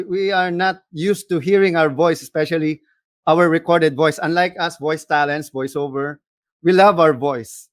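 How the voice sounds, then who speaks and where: An animated man with a Filipino accent leads a voice workshop, switching between English and Tagalog as he explains and demonstrates. His voice sits a bit high for a man and sounds dry and close, with little room sound. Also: dry recording. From Philippines. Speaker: voice acting coach. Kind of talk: seminar lecture.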